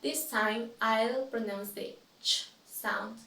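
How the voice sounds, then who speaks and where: A woman student giving a pronunciation demonstration, deliberately saying each word twice. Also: fairly high pitch, fairly bright tone. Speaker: student presenter. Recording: echoey room, distant from mic.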